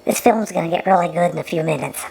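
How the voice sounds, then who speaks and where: Woman, gravelly voice, sarcastic commentary, repeats words, faint background noise. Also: fairly low pitch, quick pace, darkish tone, low-quality recording. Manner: mocking, repeats words often.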